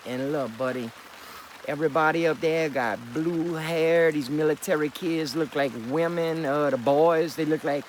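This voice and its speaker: A man's voice: a little high, a little hiss or hum, low-quality recording. A middle-aged man, rambling through a profane, insistent vlog monologue. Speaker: vlogger.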